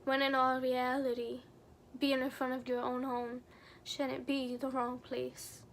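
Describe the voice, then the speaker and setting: A woman's voice: sits high, completely flat delivery, measured pace, a bit bright, slight background noise. A young adult woman vlogger telling a personal story in an earnest, somber way, full of casual fillers. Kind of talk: storytime narration.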